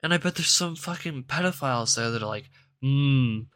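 Bright-voiced young man ranting profanely. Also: on the high side, expressive, fast talker. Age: young adult, about 18. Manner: profane, rambling, goes off on tangents. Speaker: show host. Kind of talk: ranting solo news commentary.

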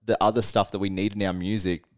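A man with a fairly low voice, co-hosting a podcast. He tells a road story in loose, animated chat. He laughs a lot and swears without a second thought. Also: fast talker. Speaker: podcast co-host, band musician.

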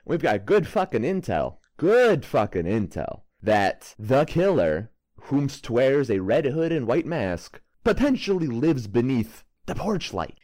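A man's voice: medium pitch, sing-song, unhurried, few pauses, a little mellow. A man does a swaggering tough-guy investigator with a put-on New York accent, cursing and blustering at a suspect. His voice swings widely up and down. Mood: brash. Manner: brash, swaggering, swears a lot.

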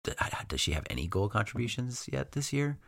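A man co-hosting a podcast, talking casually about players with relaxed hedging fillers. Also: mid-range voice, fast talker, gravelly, dry recording, studio quality. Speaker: podcast co-host. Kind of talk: casual sports chat.

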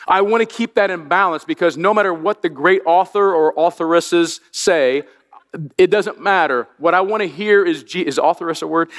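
A man preaching a sermon as pastor, animated, with jokey asides and rhetorical questions to the congregation. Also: a little high, in a large hall.

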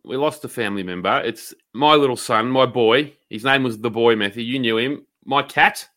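A man's voice: mid-range voice, normal speed, fairly bright tone. A man with an Australian accent co-hosting a podcast in casual, rambling banter and swearing freely. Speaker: podcast co-host.

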